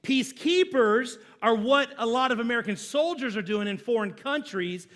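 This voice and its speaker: A man's very high voice carries his church sermon as he leads call-and-response. He keeps a slow, deliberate delivery, punctuated by sudden loud emphases.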